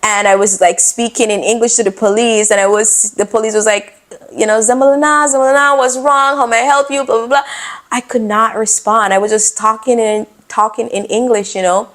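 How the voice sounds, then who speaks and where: Expressive young woman telling a story. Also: medium pitch, normal speed. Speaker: vlogger. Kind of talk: casual storytelling.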